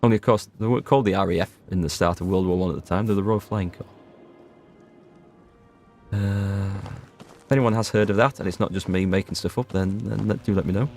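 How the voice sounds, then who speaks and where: A man's voice: low-pitched, fairly even intonation, a little fast, a little mellow, soft background music. A man casually commentating a video game as he plays, joking and talking to his chat. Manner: joking, talks to chat while playing. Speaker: gaming video host. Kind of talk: casual let's-play commentary.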